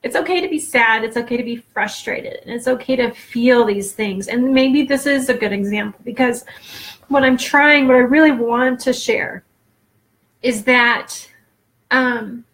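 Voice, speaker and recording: A woman's voice: fairly high pitch, a bit bright. Earnest woman talking off the cuff. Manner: halting, many fillers and restarts, earnest. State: emotional, close to tears. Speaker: vlogger. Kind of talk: unscripted personal talk to camera.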